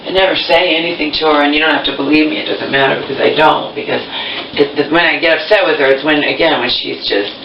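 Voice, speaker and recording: A woman's voice: sits low, fairly even intonation, fast, slight background noise. A woman vlogger venting in a rambling monologue, sarcastic and agitated, swearing often. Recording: roomy, distant, muffled home recording.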